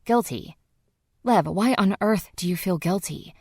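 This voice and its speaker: A woman's voice: mid-range voice, lively intonation, measured pace, a little mellow, husky, dry recording, clean studio sound, pitched above the performer's own voice. A woman playing a blunt teasing woman. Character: blunt, teasing adult woman, the narrator's younger self in scenes.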